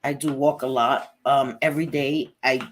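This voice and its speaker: A woman's voice: very deep voice, steady tone, moderate pace, a little hiss or hum. A middle-aged woman hosting a casual livestream, chatting bluntly, swearing freely and greeting viewers by name. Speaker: livestream host.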